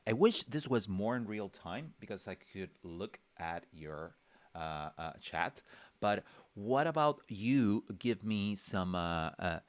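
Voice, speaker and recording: Here a man hosts a livestreamed drawing class, his fairly low voice lively in intonation yet slow, recorded dry. He wanders conversationally, restarting and using fillers, and plays out characters' small reactions with tiny voices.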